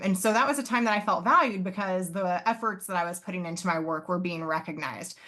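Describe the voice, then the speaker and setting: Wanita dosen cerah yang berbicara saksama. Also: female voice, medium pitch, a bit bright. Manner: earnest, explanatory, with fillers and self-corrections. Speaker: psychology professor and presenter. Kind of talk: live online conference presentation.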